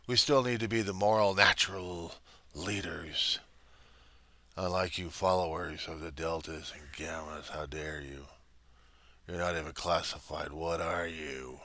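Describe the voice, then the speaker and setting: A man's voice: low-pitched, sharp tone, dry recording, exaggerated voice. A man voicing an arrogant male bully who sneers and bellows threats at a listener.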